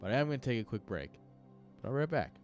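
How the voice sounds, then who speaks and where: A young man commenting live on an esports match in an excitable, joking way, talking straight to his chat. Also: medium pitch, rapid-fire, lo-fi sound, soft background music. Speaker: game caster.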